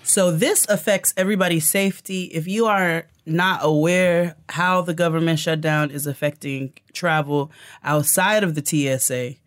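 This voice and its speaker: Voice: mid-range voice, fairly even intonation, normal speed, fairly bright tone. A host in a casual chat, talking bluntly and emphatically.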